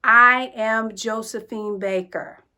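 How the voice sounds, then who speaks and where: A woman's voice: fairly high pitch, fairly even intonation, takes it slowly, very noisy. An actress playing a flamboyant, flirtatious woman larper who sprinkles French phrases into her theatrical talk, in a comedic video-call sketch. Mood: showy.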